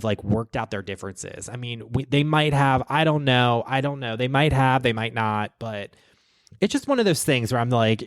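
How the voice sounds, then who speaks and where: A man's voice: medium pitch, dry recording, studio quality. Gossipy, profane male podcast host. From Baltimore. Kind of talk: casual chat. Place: small podcast studio.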